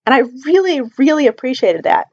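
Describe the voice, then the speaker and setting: Earnest high-voiced woman vlogging. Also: sing-song, a little fast, darkish tone, dull audio. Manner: earnest and emphatic, repeating points for stress. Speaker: Christian book reviewer. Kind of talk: casual personal vlog talk.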